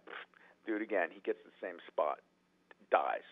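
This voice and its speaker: A man who is a writer-director telling animated stories in an interview, often restarting his sentences. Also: sits low, normal speed, husky. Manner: animated, acts out quotes, frequent restarts. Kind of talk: anecdotal storytelling in a podcast interview. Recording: tinny phone-like line.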